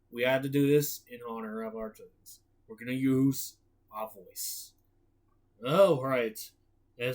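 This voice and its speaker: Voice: mid-range voice, darkish tone. A playful storyteller reading a cartoon story aloud, rambling and giggling between lines.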